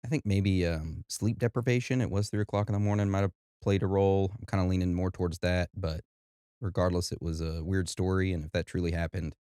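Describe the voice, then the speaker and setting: A man from Brooklyn hosting a podcast, chatting in a relaxed, joking way. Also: low-pitched, brisk, clear, resonant tone, no echo, clean studio sound. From Brooklyn, New York. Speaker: podcast host. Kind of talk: casual podcast chat.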